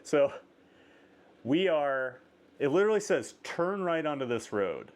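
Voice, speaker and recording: Animated storytelling male host. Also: on the high side, a little slow. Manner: animated storyteller, many "like" fillers. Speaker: podcast host. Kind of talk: casual interview chat.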